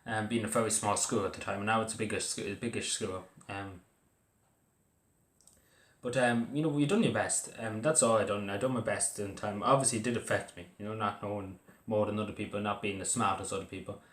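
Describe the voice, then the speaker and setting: A young man with an Irish accent talks to camera in a casual, halting way, stopping and restarting often. His voice sits low, and the recording carries a roomy echo. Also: fairly even intonation, fairly bright tone. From Ireland. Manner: halting, full of fillers and restarts. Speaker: vlogger. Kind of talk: casual personal talk to camera. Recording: echoey room.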